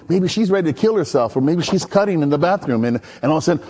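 Male pastor, high voice with big swings, chatty storytelling sermon. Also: fast talker. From Maui, Hawaii. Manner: energetic, chatty, storytelling with call-and-response. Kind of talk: animated sermon.

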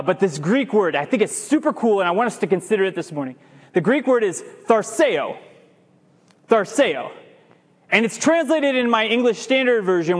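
Man, pastor, sermon, very high voice, animated delivery, stumbles and restarts, church hall reverb. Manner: lively preaching, stretches key words, stumbles and restarts. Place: church sanctuary.

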